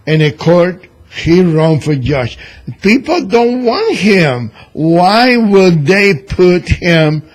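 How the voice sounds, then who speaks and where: Cuban guy on the radio, accented english, talks slow and husky, really opinionated. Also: high voice. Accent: Cuban Spanish. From Cuba. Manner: opinionated, animated, broken grammar. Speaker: columnist and radio guest. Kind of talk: casual radio talk.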